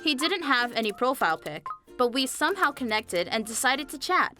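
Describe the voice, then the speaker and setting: A young woman narrating a scripted animated story, chatty and speaking straight to viewers. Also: high-pitched, moderate pace. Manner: chatty, addresses viewers directly. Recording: faint music behind the voice.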